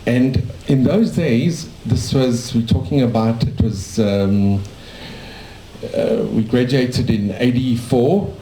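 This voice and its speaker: A man's voice: medium pitch, takes it slowly, a little hiss or hum. Older South African man telling stories. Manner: rambling, warm anecdotal storytelling with restarts. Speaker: dentist telling his life story. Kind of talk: casual storytelling to a small audience. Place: cafe. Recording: echoey cafe room.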